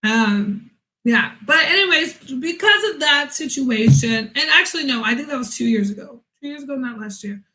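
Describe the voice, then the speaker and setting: A young woman chats to camera from home with a high, bright voice. She tells a story with a lot of animation and acts out each side of the conversation herself. The talk stays casual and unscripted. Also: expressive, normal speed, poor audio. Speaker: vlogger.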